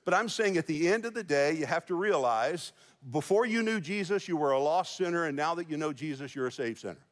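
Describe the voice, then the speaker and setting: High-voiced pastor in a reverberant hall. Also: male voice, animated, a little fast. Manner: folksy storytelling with jokes. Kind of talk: sermon. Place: large church auditorium. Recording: long church hall reverb.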